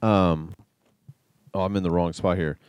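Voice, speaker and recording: A man with a very low voice hosts a church conversation. He talks in a reflective, rambling manner and reads scripture aloud. His voice sounds close and dry. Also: steady tone, unhurried, darkish tone, smooth, dry recording. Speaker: church host interviewing a guest. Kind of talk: conversational interview with scripture reading.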